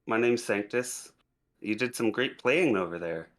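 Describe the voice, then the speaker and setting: A man playing a tabletop role-playing game, speaking in a calm, composed way as his character. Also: lowish voice, a little slow. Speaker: player.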